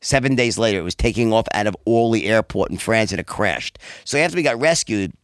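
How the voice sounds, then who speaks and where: A man telling wild stories in casual chat, profane and animated, often acting out quotes in a high voice. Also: a little fast, no room sound, studio quality. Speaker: podcast guest.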